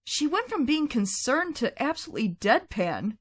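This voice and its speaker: A woman's voice: high-pitched, sing-song, normal speed. A woman narrating a scripted game review in a wry, chatty way.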